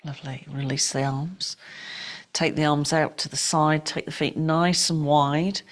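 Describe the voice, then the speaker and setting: A middle-aged woman teaching yoga and breathwork, giving calm, unhurried, gently directive cues for breathing and movement. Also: sits low. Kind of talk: guided breathwork and yoga instruction.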